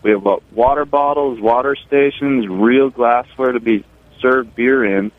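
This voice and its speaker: A brewer calling in by phone, chatting casually and telling relaxed stories about his brewery. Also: medium pitch, unhurried, no echo. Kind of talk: casual radio chat. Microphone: phone line. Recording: tinny phone line.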